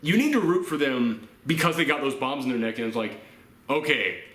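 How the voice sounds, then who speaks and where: Exasperated ranting man, bright voice. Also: medium pitch, animated, brisk. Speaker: movie reviewer. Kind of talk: casual ranting chat. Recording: roomy echo.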